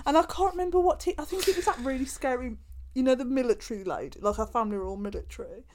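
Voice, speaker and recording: A young woman co-hosting a podcast giggles and jokes while reading old school reports aloud with a friend, reminiscing casually. Her voice sits high, fast, and a little mellow.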